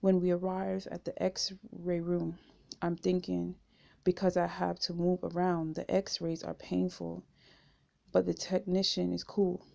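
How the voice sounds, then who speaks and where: A woman reading a memoir aloud in first person, steady and unhurried, on a dull lo-fi home recording. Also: fairly low pitch, gravelly. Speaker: audiobook reader.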